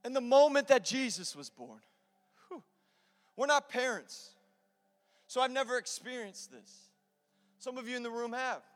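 A male pastor preaching an impassioned sermon to a congregation in church, building to loud, emphatic repetitions. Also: very high voice, expressive, a little slow, long pauses. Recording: long hall reverb with music behind.

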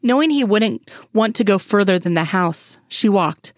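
A woman reading fan fiction aloud in a steady, even storytelling manner. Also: medium pitch, normal speed, no echo, studio quality. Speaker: audiobook reader. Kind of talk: scripted narration of fan fiction.

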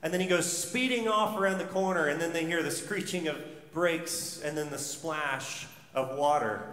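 A man's voice: a little high, moderate pace, a bit bright. A male pastor preaching a sermon, telling stories and building his points with repeated rhetorical questions. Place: church sanctuary. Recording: echoey church hall.

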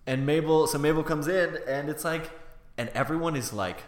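A man's voice: on the high side, normal speed, reverberant, slight background noise. A man co-hosting a casual film podcast, retelling scenes with lots of acted-out quotes. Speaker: podcast co-host.

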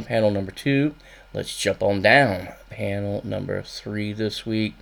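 A man's voice: on the low side, steady tone, measured pace, vocal fry, a bit bright. A man hosting a music radio show, casually rambling with dry jokes and many ums. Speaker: radio host.

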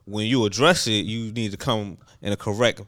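Smooth-voiced young man rambling casually. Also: lowish voice, normal speed, dry recording, clean studio sound. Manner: rambling, animated, lots of fillers and restarts. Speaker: podcast co-host. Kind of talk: casual chat.

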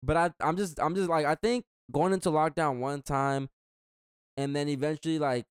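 A man's voice: on the high side, fairly even intonation, moderate pace, smooth, no echo, studio quality. Slangy young man telling a story. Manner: rambling, slangy, acts out quotes. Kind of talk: casual storytelling chat.

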